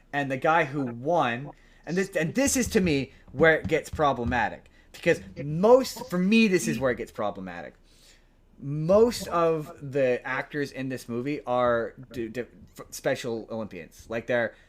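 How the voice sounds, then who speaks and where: A man co-hosting a podcast, casually retelling a movie plot in a rambling way, with many restarts and quoted lines. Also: medium pitch. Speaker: podcast co-host.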